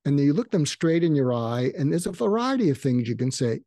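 An older man talks through advice in a relaxed, mellow voice, now and then acting out sample lines with a lift in pitch. The recording is close and dry, with no room sound around him. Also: brisk, few pauses, no room sound. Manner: explanatory, acts out sample lines in a raised voice. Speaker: psychiatrist guest. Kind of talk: conversational advice in a podcast interview.

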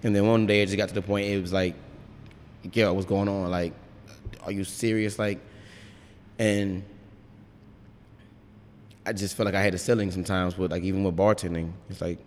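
A man's voice: low-pitched, flat delivery, moderate pace, pauses often, in a large hall, a little hiss or hum. A man brewer chatting casually in an interview, rambling and frank, swearing freely.

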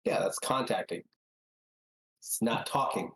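A man's voice: mid-range voice, measured pace, fairly bright tone, rough recording. A man co-hosting a podcast in casual chat, playfully arguing and jabbing at his partner. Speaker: podcast co-host.

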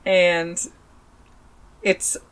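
A woman's voice: lowish voice, little pitch movement, extremely slow, clear, resonant tone. A woman in her thirties co-hosting a podcast, chatty and self-deprecating as she tells a story. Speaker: podcast co-host. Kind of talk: casual podcast chat.

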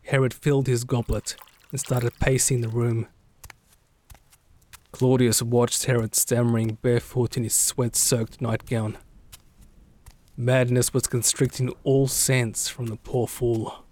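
A man giving scripted, steady and dramatic narration of a story. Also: mid-range voice, measured pace.

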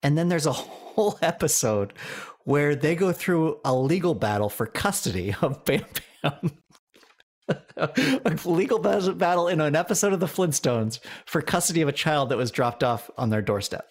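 Here a man with a slightly high voice talks at a moderate pace. Co-hosting a casual comedy podcast, he spins animated stories and laughs a lot.

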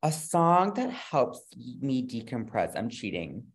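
A drag performer man from Madison, Wisconsin, sits in for a loose interview, talking in a campy, gushing way and tossing out playful slang. His pitch sits in an ordinary middle range for a man, and he often trails off as he gets carried away. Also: wildly swooping pitch, slow pace. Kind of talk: casual interview chat.

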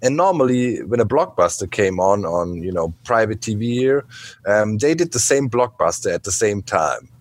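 Laid-back husky low-voiced man. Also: animated, normal speed. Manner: rambling, mildly exasperated opinions with frequent fillers. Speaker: podcast panelist. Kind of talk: casual chat.

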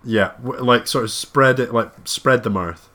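A man's voice: mid-range voice, a little slow, bright, forceful tone. A man co-hosting a casual podcast, talking in a rambling, jokey way with many restarts. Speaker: podcast co-host.

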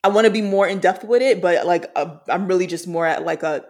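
A podcast co-host talking casually about a TV series, halting and full of fillers, clearly moved. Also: mid-range voice, darkish tone. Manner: halting, filler-heavy, emotional.

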